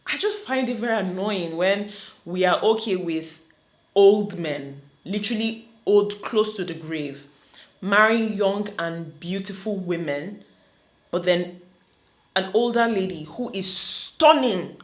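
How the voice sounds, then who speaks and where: A woman with a Nigerian accent gives animated, opinionated commentary, slipping into Pidgin now and then. Her voice sits at a middle pitch. The recording has a roomy echo. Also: slow. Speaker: vlogger reacting to a reality show.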